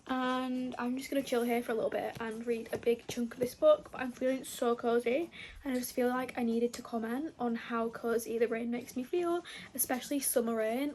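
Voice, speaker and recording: A woman's voice: high-pitched, darkish tone, a little hiss or hum. A young woman, chatting casually and enthusiastically about books in a reading vlog. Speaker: book vlogger. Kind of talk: casual chat. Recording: echoey room.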